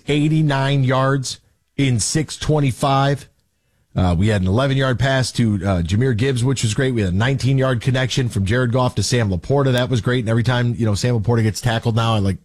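A man's voice: mid-range voice, normal speed, darkish tone. Chatty male sports radio host. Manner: chatty and jokey, breaks into sung station plugs. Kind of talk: casual sports talk radio.

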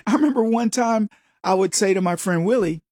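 Husky-voiced man giving blunt commentary. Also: high voice, a little fast, darkish tone, dry recording, clean studio sound. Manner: emphatic, repeats words, talks straight to viewers. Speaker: commentary host. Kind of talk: opinion commentary monologue.

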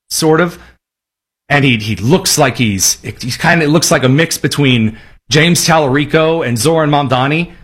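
A male political show host with a slightly high, husky voice, talking in a sarcastic, mocking way. He rambles through his points with offhand asides. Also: fairly bright tone.

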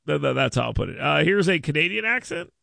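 Gravelly, bright-voiced man hosting radio. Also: a little high, big pitch swings, fast, no echo, clean studio sound. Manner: rambling, repeats words, laughs often. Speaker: radio talk show host. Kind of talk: casual radio chat. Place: radio studio. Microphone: studio mic.

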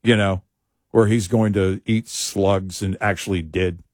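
A man's voice: deep voice, fairly even intonation, a little slow, darkish tone, no room sound, studio quality. A middle-aged man co-hosting a talk radio show, rambling and joking at his own expense. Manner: rambling, self-mocking, restarts a lot. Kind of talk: casual talk radio banter. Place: radio studio.

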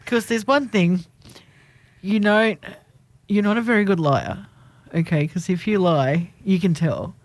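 A woman's voice: mid-range voice, unhurried, no room sound, low-quality recording. A young woman co-hosting a radio show, chatty and teasing. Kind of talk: casual chat. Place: small radio studio.

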